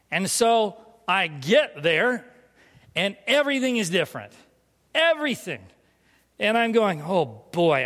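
A man preaching a sermon through a lively personal story, self-mocking and laughing often. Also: sits high. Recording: long reverb of a large hall.

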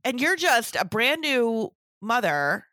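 Speaking slowly in a slightly high, sing-song, sharp voice, a middle-aged woman co-hosts a relaxed podcast with clean, echo-free studio sound. She's a breastfeeding professional, emphatic and exasperated as she discusses pediatric office work.

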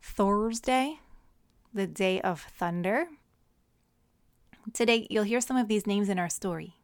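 A woman narrating a children's story and teaching syllables in a gentle, teacherly way. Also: medium pitch, unhurried, no room sound, studio quality.

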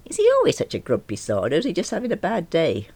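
A man's voice: fairly high pitch, wildly swooping pitch, quick pace, a little mellow, slightly rough, dry recording, pitched above the performer's own voice, full character voice. A woman reader voicing a cheerful, easygoing young male window cleaner in an audiobook.

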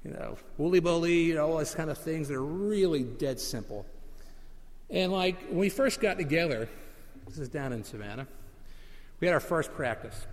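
Middle-aged pastor preaching in a reverberant hall. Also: male voice, fairly high pitch, darkish tone. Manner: conversational storytelling, with slow emphatic repeats. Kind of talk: sermon.

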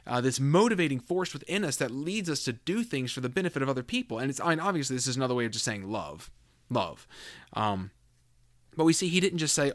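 A man teaches scripture in a relaxed podcast voice of average pitch. He reads passages aloud and chats between them, pausing and restarting. The recording is dry and close to the mic. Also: dry recording. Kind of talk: casual Bible teaching podcast.

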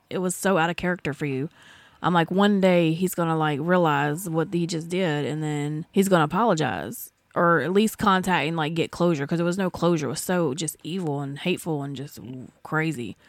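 A woman's voice: lowish voice, no echo. Candid woman. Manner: candid, quick, matter-of-fact recounting. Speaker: podcast co-host. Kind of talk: casual conversation.

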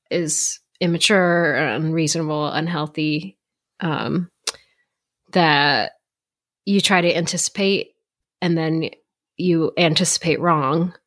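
Female co-host, lower-middle pitch, relaxed chat with dry humor. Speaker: podcast co-host. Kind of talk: casual chat.

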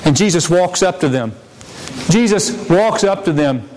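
A male pastor delivers a dramatic sermon, stepping into the scenes he describes as he goes. His voice sits very high for a man. The sound carries the long reverb of a large church hall. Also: animated, a little slow, a little mellow, slight background noise. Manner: dramatic preaching, acts out scenes. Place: church sanctuary.

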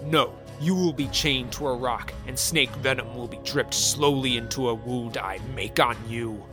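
A man voicing an old, wrathful Norse king who speaks in slow, menacing pronouncements. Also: medium pitch, over music, close to an everyday voice. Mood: raging.

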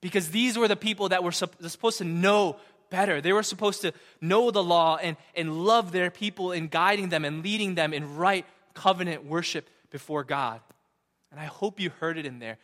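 A young male pastor preaches in a bright, slightly high voice. He is emphatic and keeps checking in with "right?", swinging from loud to hushed. His words ring out with a long hall reverb. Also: moderate pace. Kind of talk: sermon.

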